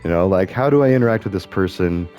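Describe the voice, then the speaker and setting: A man's voice: low-pitched, expressive, fast talker, darkish tone, highs cut off, faint music behind. A middle-aged man talking in rambling, casual commentary as he plays a game, musing aloud and correcting himself as he goes. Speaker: gaming streamer.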